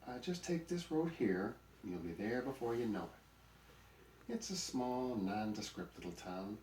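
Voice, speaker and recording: A man's voice: mid-range voice, very animated, unhurried, a little mellow, a little hiss or hum, pitched above the performer's own voice. A man voicing an old male buzzard grandpa in a storybook, sly, teasing and full of wisecracks. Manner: wisecracking, chuckling jokes. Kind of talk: storybook character voice. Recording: roomy recording, mic at a distance.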